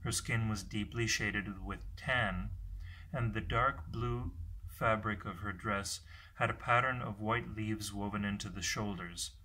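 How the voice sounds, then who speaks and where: A man reading a fantasy novel aloud, unrehearsed, in steady narration with occasional slips. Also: fairly low pitch, measured pace, husky. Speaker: audiobook reader.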